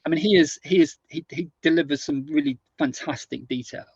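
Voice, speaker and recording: A middle-aged man from the United Kingdom chats as a podcast guest, his fairly high voice stumbling over repeated words as he spins his anecdotes. The sound is dry and a little dull, like a lo-fi remote recording. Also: darkish tone, breathy edge, no room sound. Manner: halting, repeats and restarts words while telling anecdotes. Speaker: guest, author and former army officer. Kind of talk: casual conversational storytelling.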